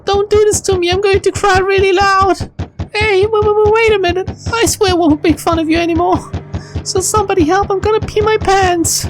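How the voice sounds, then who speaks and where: A woman's voice: a little high, moderate pace, gravelly, a little mellow, faint music behind, voice pushed up. A woman doing a stuttering bratty girl. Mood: panicked. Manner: stutters constantly, mocking. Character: stuttering bratty teen girl assistant, teasing. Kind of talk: reading game dialogue aloud.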